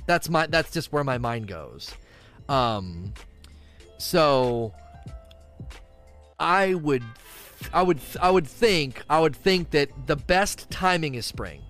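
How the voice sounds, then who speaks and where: A man's voice: a little high, slow pace, long pauses, faint music behind. A man streaming live, reading viewer questions and rambling through his answers in a casual chat. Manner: animated, rambling, reads chat questions aloud.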